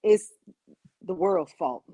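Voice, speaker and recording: A woman's voice: slow pace, mellow, no echo, rough recording. A woman in her twenties with a Southern US accent, chatting playfully as a podcast guest. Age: 20s. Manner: playful, rambling, self-mocking. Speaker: guest, content creator. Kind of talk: casual interview banter.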